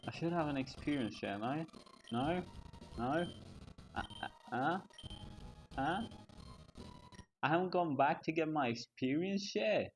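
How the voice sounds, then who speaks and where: A man's voice: a little high, animated, unhurried, pauses often, soft background music. A man streaming a game, mumbling commentary to himself with self-deprecating asides. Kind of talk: casual gameplay commentary.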